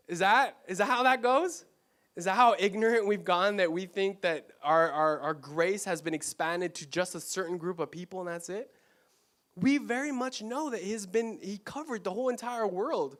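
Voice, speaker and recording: A man from Mexico with a high, slightly bright voice speaks at a moderate pace. His church talk is an informal, conversational sermon packed with rhetorical questions and self-corrections.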